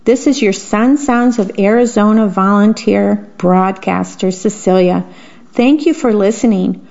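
Slow, gentle woman reading bedtime stories. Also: medium pitch, creaky. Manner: gentle reading, pausing to describe the pictures. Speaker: volunteer radio broadcaster. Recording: dull lo-fi radio broadcast.

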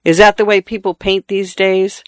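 A man reading the lines of a bored, bitter husband who drinks through the afternoons, in a flat, sullen, blunt way. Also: high-pitched, moderate pace, smooth, no room sound, clean studio sound, voice pushed up, lightly acted.

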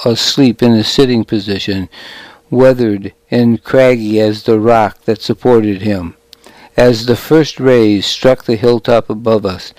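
A man reading a story aloud as an audiobook narrator, in a measured, unhurried way. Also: mid-range voice, a little mellow, no echo, poor audio.

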